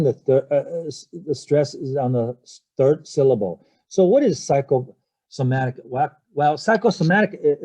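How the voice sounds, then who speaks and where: Male teacher, unhurried and warm-toned, spells out words, checks in often, hesitant delivery. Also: on the high side. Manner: spells words letter by letter and checks in with "okay?" and "right?"; hesitant, many fillers and restarts. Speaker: English teacher. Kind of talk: recorded vocabulary lecture.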